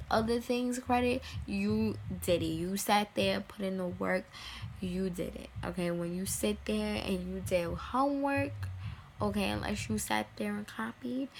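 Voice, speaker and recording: A woman's voice: medium pitch, gravelly, a little hiss or hum. A young woman giving casual life advice to the camera, emphatic and repetitive, sometimes dropping to a whisper. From United States. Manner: emphatic, repeats lines, dips into whispers.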